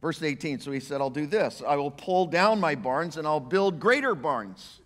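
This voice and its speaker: A male pastor, preaching a sermon in an emphatic, animated way and voicing the quotes he reads. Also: a little high, normal speed, few pauses. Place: church sanctuary. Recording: church hall reverb.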